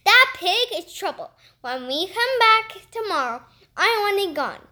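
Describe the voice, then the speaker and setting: Woman voicing a fussy dog-doting man, shrieking, very high, sharp tone, storybook read-aloud. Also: very animated, unhurried, full character voice. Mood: shrill upset. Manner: high-pitched and frantic.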